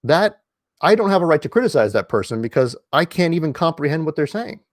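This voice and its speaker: A man's voice: on the high side, very animated, quick pace, no room sound, clean studio sound. A man giving a casual lecture-style monologue, emphatic and repetitive, with many fillers and restarts, speaking from home. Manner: emphatic, repeats key words, frequent fillers and restarts. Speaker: online commentator. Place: indoors at home.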